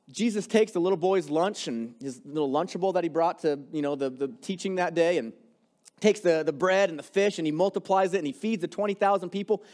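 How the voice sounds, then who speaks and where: A young adult man preaching a sermon, telling a story in a casual, animated way that builds in intensity. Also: fairly high pitch. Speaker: pastor.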